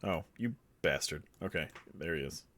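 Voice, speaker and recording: Man, dungeon master, tabletop game, animated, bright, playful. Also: rumbling low, moderate pace. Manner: loud, playful, laughing, teasing. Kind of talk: running a tabletop game online.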